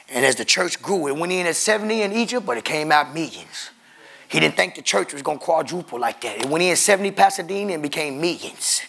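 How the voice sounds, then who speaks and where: Raspy high-voiced preaching pastor. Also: male voice, a bit bright. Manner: emphatic preaching, calls out to the congregation. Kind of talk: sermon.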